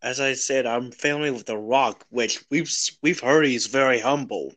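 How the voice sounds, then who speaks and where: A man joining a casual podcast as a guest. He jokes and chimes in with quick remarks. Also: medium pitch, fairly bright tone. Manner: joking, quick interjections.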